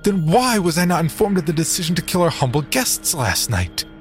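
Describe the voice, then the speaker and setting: A man voicing a crippled, one-eyed frontier settler who shouts in outrage at his own family, in a horror story reading. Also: on the high side, very animated, brisk, soft background music, voice pushed up. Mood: indignant.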